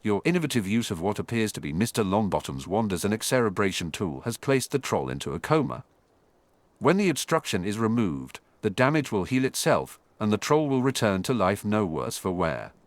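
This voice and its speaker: A man puts on a stern, sneering professor with a cold, formal way of speaking. The voice sits low and swings widely in pitch. It is recorded close and dry. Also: very animated, fairly quick, no echo.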